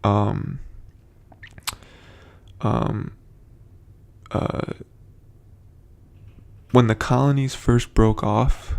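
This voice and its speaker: A man's voice: mid-range voice, steady tone, very slow, creaky, long pauses, a little mellow. A man hosting a casual, rambling TV episode recap, full of hesitant fillers. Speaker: host.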